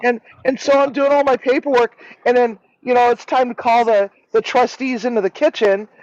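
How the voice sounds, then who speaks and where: A man in a casual live-stream chat, telling a rambling, animated story and swearing freely. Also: very high voice, a little fast, no echo. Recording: dull lo-fi sound.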